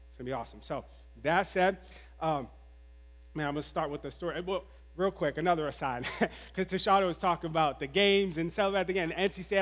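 A man preaching a sermon, telling a family story in an animated, laughing storytelling manner. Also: on the high side, big-room sound. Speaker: pastor. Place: church sanctuary.

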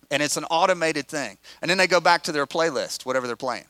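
A middle-aged man, a pastor, telling a story in an animated, conversational way with acted quotes. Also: a little high, fast talker, few pauses, no room sound. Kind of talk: storytelling sermon.

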